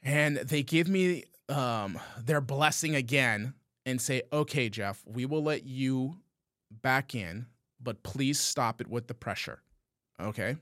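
Animated male podcaster telling a story. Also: mid-range voice, slow pace, no room sound, studio quality. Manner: animated storyteller, frequent "okay?" asides. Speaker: podcast co-host. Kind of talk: casual storytelling.

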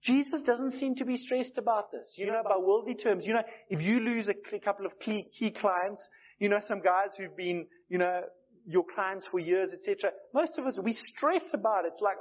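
A man's voice: high voice, normal speed. A man preaching a sermon in a conversational, storytelling way, acting out the voices he quotes. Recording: dull lo-fi recording.

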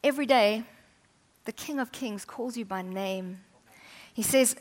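A woman preaching a sermon, chatty and humorous, often dropping to soft, intimate tones. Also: a little high, a little slow.

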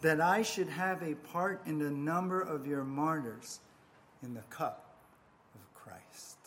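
Preacher slowly voicing a calm old martyr. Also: male voice, a little high, slight background noise. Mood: solemn, calm. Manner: slow, solemn, measured quoting. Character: aged frail male Christian martyr, calm and unwavering. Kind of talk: sermon storytelling.

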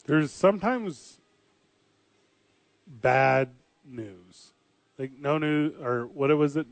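A man's voice: mid-range voice, animated, takes it slowly, vocal fry, pauses often, no echo. A man co-hosting a casual sports chat, joking and rambling with lots of fillers. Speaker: podcast co-host.

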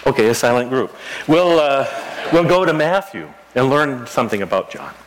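A man's voice: mid-range voice, sing-song, moderate pace, slight background noise. A middle-aged man preaching a sermon in a church, talking casually with the congregation, asking them questions and acting out scripture dialogue. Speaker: pastor. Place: church sanctuary.

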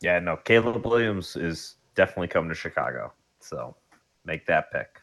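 A man's voice: deep voice, big pitch swings, moderate pace, creaky, fairly bright tone. A man co-hosting a casual chat, laid-back and speaking in brief interjections. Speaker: co-host.

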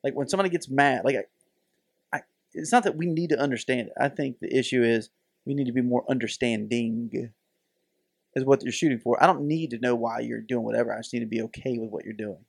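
A man's voice: mid-range voice, fast talker, gravelly, slightly rough, no room sound, studio quality. A middle-aged man co-hosting a podcast in casual chat, telling stories animatedly and acting out the voices. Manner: animated storytelling, acts out voices. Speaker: podcast co-host.

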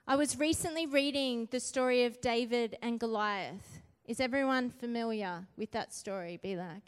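A woman's voice: on the high side, moderate pace, few pauses, clear, resonant tone. A woman preaching a sermon earnestly, driving points home with rising emphasis and frequent "right?" tags. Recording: long hall reverb.

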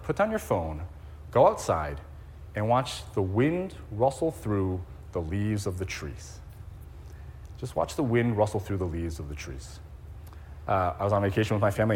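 Pastor preaching in a reverberant church. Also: male voice, mid-range voice. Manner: conversational, gently humorous preaching with fillers. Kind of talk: sermon. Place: church sanctuary. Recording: long reverb in a church hall.

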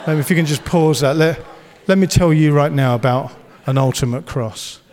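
A man's voice: fairly high pitch, moderate pace, darkish tone, in a large hall. A man preaching a sermon, earnest and encouraging, and he slips into playful banter. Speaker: pastor.

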